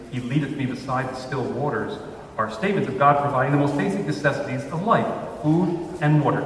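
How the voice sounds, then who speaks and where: A man preaching a sermon as pastor, measured, slowing down to stress scripture lines. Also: mid-range voice, fairly bright tone, slight background noise. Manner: measured, with slow emphatic pauses on scripture. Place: church sanctuary. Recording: roomy church hall from far off.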